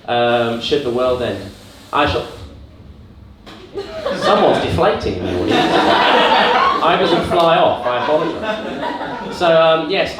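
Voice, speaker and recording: Awkward young man in an echoey comedy room. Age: young adult. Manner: awkward, deadpan, faltering character with sudden squeaky put-on voices. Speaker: student stand-up comedian. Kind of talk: in-character stand-up set. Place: student comedy club stage with audience. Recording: very echoey room, distant mic, noisy. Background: audience laughter and room ambience.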